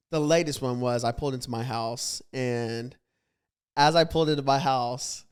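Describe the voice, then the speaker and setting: A man's voice: mid-range voice, clean tone. A young man hosting a podcast, casually recounting a story and acting out the back-and-forth. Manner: animated storytelling, acts out quoted exchanges. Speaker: podcast host.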